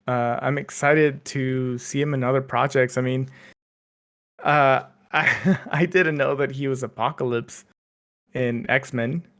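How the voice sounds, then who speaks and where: A man's voice: medium pitch, steady tone, slow, a bit bright. A man co-hosting a podcast, chatting casually with lots of fillers and restarts. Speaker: podcast co-host. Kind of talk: casual chat.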